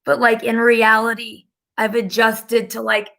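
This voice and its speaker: A woman's voice: fairly high pitch, completely flat delivery, unhurried, vocal fry, fairly bright tone. A woman giving a casual, rambling live-stream talk as a spiritual channeler, filling her speech with "like". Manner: chatty and rambling, heavy use of "like".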